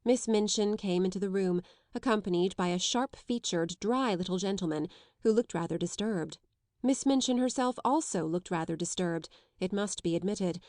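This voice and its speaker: A woman reading a classic children's novel aloud as an audiobook narrator, in a measured, even storytelling voice. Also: mid-range voice, dry recording, clean studio sound. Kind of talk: scripted narration.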